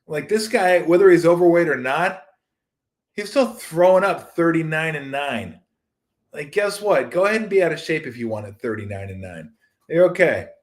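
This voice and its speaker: A man's voice: fairly high pitch, expressive, moderate pace. A middle-aged man hosts a casual sports talk show on his own. His delivery rambles and jokes, and he slips into little acted-out voices of other people along the way. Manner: rambling, jokey, acts out quoted voices.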